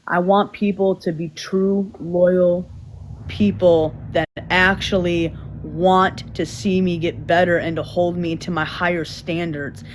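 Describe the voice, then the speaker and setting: A man's voice: sits high, slight background noise, low-quality recording. Rambling man on a phone livestream. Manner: rambling, repeats words, earnest and defensive. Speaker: livestream host. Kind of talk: livestream apology talk.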